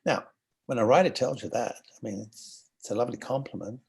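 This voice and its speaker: An older Australian man telling animated anecdotes as an interview guest, acting out the voices of people he quotes. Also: mid-range voice, brisk, creaky, husky. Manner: animated storyteller who acts out quoted voices. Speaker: guest actor.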